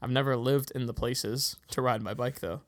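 A man's voice: medium pitch, fairly even intonation, moderate pace. A young man from Pittsburgh with a slight local accent, co-hosting a casual chat and telling stories with frequent laughs. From Pittsburgh, USA. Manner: chatty storyteller, laughs often. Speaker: podcast co-host.

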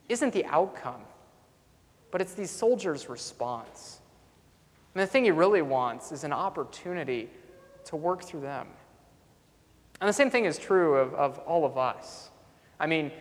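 A man preaching a sermon as a pastor, telling a story earnestly and coming back to a repeated refrain. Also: on the high side. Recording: long reverb in a large hall.

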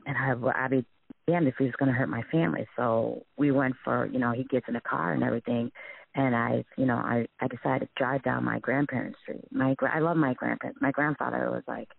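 A man telling a frightening personal story in a halting, shaken way, with many restarts. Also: mid-range voice, steady tone, creaky, husky, no echo. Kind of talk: emotional personal testimony. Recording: tinny phone-line recording.

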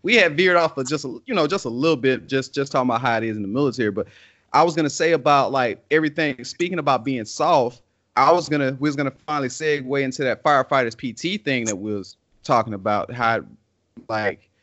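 A man's voice: mid-range voice, fast talker, fairly bright tone. A man co-hosting a casual chat, talking loosely with lots of fillers and slang. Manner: loose, rambling talk with many fillers and slang. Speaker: podcast co-host. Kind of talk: casual conversation. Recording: dull lo-fi audio.

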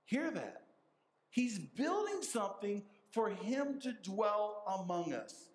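A man's voice: sits high, big pitch swings, slow, reverberant, rough recording. A man preaching a sermon as pastor, emphatic and repeating his key phrases for stress. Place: church sanctuary.

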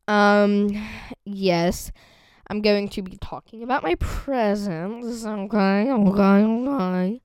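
A teenage girl chatting casually on a podcast, rambling and excitable, with a voice that cracks. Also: mid-range voice, takes it slowly, clear, resonant tone, no room sound. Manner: rambling and excitable, lots of fillers. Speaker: vlogger.

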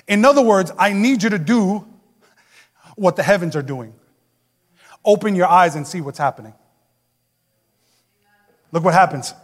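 High-voiced man preaching in a reverberant hall. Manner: emphatic, conversational preaching with asides to the congregation. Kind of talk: sermon.

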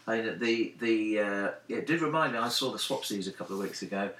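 Man, podcast co-host, bright forceful tone, roomy off-mic sound. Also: on the low side, animated, brisk, recorded from a distance. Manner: enthusiastic, hesitant with fillers. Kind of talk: casual podcast chat.

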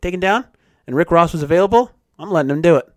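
A man's voice: on the high side, expressive, fast, no room sound. Laughing man, dry close-miked podcast voice. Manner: easygoing, laughing, agreeable. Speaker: podcast co-host. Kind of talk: casual podcast chat.

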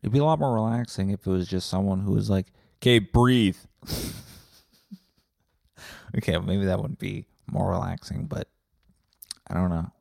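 A man's voice: low voice, brisk, creaky, dark tone, no room sound, clean studio sound. A man hosting a solo podcast, rambling and ranting sarcastically with lots of swearing and self-interruptions. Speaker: podcast host.

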